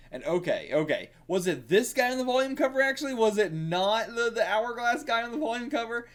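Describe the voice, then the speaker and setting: A man giving casual reaction commentary while reading manga, excitable and thinking aloud, with frequent swearing. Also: mid-range voice, fairly quick, hardly any pauses.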